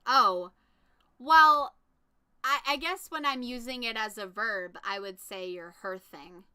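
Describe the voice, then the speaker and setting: A woman streaming a browser game, chatting and reacting excitedly out loud as she plays. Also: fairly high pitch, takes it slowly, smooth. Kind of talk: casual live game stream commentary.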